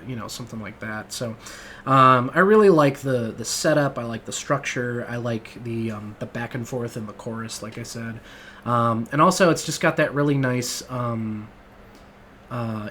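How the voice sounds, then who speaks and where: A man's voice: mid-range voice, fairly bright tone, a little hiss or hum. Rambling, profane man gushing about music. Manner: rambling, profane and enthusiastic, many fillers. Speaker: music podcast host. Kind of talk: casual album review monologue.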